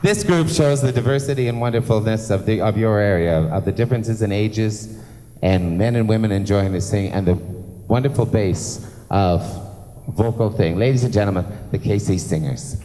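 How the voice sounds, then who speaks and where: A man's voice: on the low side, moderate pace, mellow. A man working as master of ceremonies at a live benefit concert, chatty and gushing, teasing himself and throwing in playful swearing. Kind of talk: live stage emceeing. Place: large theatre stage. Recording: long theatre reverb, faint background noise.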